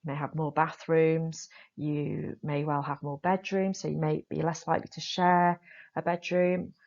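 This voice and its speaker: Woman teacher explaining stuff to the class, deep-ish voice, punchy emphasis, kinda muffled recording. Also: measured pace. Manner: explanatory, lively emphasis on key points. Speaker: drama teacher.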